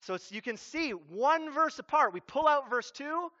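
A man preaching a sermon as a pastor, with humorous and animated delivery. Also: very high voice, moderate pace. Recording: dull lo-fi recording.

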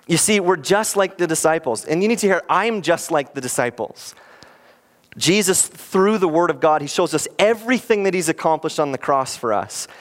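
A man preaching as a pastor in an earnest, animated sermon, often acting out quoted lines. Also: fairly high pitch, moderate pace.

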